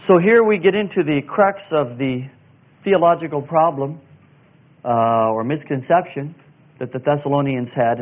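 A man teaching through scripture verse by verse, in a voice of ordinary middle pitch. He speaks deliberately, pausing on fillers and spelling out words letter by letter. The sound is thin and narrow, like a phone line. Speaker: Bible teacher.

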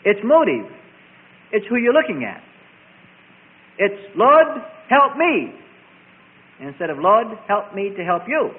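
A high-pitched man preaches with a lively voice that swings up and down, hammering his points through repeated contrasting phrases. The sound is thin and tinny, like a sermon heard over a phone line. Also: unhurried, pauses often.

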